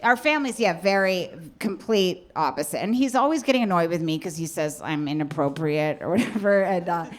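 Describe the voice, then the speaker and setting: A woman's voice: on the low side, expressive, a little fast, hardly any pauses. A woman stand-up comedian on a comedy stage, talking in a chatty, exasperated way with lots of "like"s into a handheld mic.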